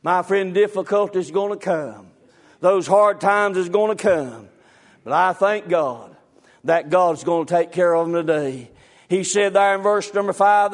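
A man preaching a sermon, fervent and repetitive, breaking into shouts. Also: high voice.

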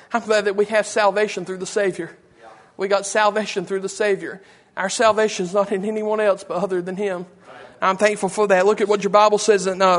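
Man preaching, very high voice, fervent and repetitive. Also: a bit bright. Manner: impassioned, repetitive, emotional preaching. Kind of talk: fervent sermon.

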